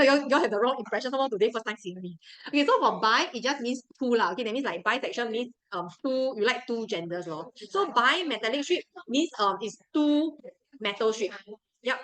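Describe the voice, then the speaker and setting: A young woman with a Singaporean English accent teaches a revision class in a slightly high voice. She talks in a chatty, coaxing way and keeps repeating the key points for her students. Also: fairly bright tone, poor audio. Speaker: science tutor.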